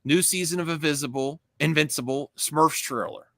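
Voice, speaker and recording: A man hosting a live stream in casual chat, excitable and quick to laugh. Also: on the high side, creaky, no echo, clean studio sound. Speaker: stream host.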